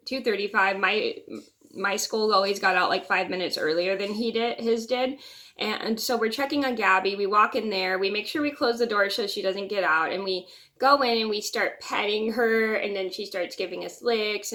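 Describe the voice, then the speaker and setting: A woman's voice: mid-range voice, steady tone, moderate pace, fairly bright tone. A young woman vlogger telling a personal story in a casual, rambling way, often restarting and repeating words.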